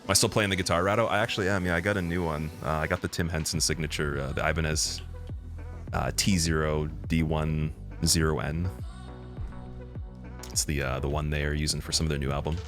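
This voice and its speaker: A man streaming a game, chatting to his viewers in a loose, giggly way and getting loud and excited when things go wrong. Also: extremely low pitch, brisk, faint music behind. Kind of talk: casual live-stream commentary while playing.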